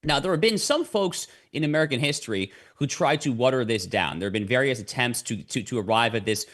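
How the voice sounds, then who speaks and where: A man's voice: mid-range voice, lively intonation, a little fast, a bit bright. A man as a podcast guest, explaining at length in a lecturing way and repeating words as he starts his sentences. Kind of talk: explanatory conversation.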